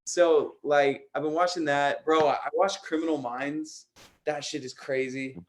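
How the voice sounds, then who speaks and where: A man's voice: fairly high pitch, steady tone, unhurried. A young man hosting a casual radio chat, earnest, filling his talk with "like" and "bro". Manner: earnest, says "like" and "bro" a lot. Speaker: radio show host.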